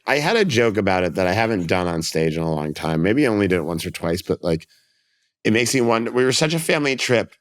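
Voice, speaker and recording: A man guest on a podcast, telling stories in a rambling casual way with quick restarts and acted-out quotes. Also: lowish voice. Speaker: comedian guest.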